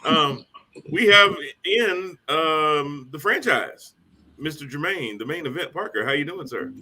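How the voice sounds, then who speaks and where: A man hosting a live streamed talk show, energetic and casual, cracking jokes as he welcomes his panel. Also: on the high side, measured pace, noisy background.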